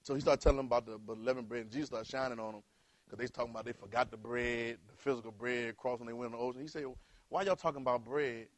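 A male preacher, delivering a sermon in call-and-response style that rises to loud exhortation. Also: medium pitch, steady tone, very fast.

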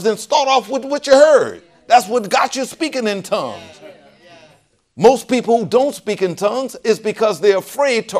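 Man, preacher, sermon, echoing read lines, lively swooping voice, slightly high, folksy emphatic asides. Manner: echoes each phrase, then preaches with rising emphasis and asides; folksy, joking asides with a laugh. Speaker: pastor. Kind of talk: sermon teaching, repeating a reader's lines.

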